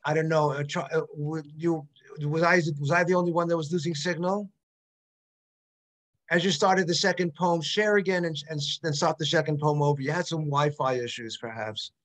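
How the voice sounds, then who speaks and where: A man's voice: fairly high pitch, fairly even intonation, moderate pace, a bit bright. A man hosting a poetry evening over a video call, speaking hesitantly with friendly restarts. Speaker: poetry event host.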